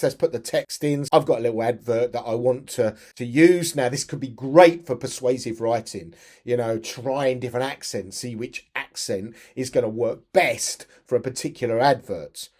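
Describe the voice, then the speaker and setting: A man's voice: mid-range voice, normal speed, darkish tone. Chatty man narrating a screen tutorial. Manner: chatty, step-by-step, frequent restarts. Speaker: tutorial presenter for teachers.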